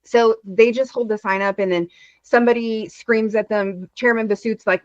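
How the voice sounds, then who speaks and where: A woman from Texas chatting as a guest, telling stories in an animated, rapid way over a video call. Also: a little high, no room sound, lo-fi sound. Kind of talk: casual chat.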